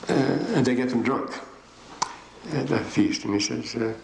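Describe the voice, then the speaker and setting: An older man giving a rambling, digressive classroom lecture with frequent pauses. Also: mid-range voice, gravelly, darkish tone. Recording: echoey room, faint hiss.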